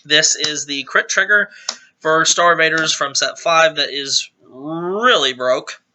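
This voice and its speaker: A man's voice: on the high side, slow pace, bright, forceful tone. A man giving a casual, rambling walkthrough of a card game deck as its reviewer, correcting himself as he goes. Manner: rambling, self-correcting explanation. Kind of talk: casual deck profile talk.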